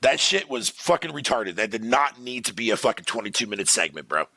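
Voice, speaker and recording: A man's voice: medium pitch, big pitch swings, brisk, creaky, pushed and bright, dry recording. A man streaming live, ranting profanely to his chat in a casual, exasperated way. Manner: talks to chat viewers by name.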